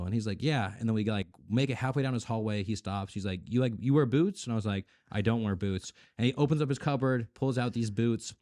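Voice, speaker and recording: Young man, casual podcast story, rapid, acts out voices, dry close mic. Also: fairly low pitch, no echo. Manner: animated, acts out quoted voices, laughs often, swears. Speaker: podcast guest.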